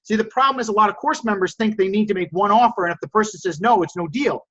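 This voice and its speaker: An energetic male sales coach with a high voice who keeps repeating his key points. The recording sounds dull and lo-fi. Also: quick pace. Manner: energetic and repetitive, addresses listeners as "guys". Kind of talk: coaching call to course members.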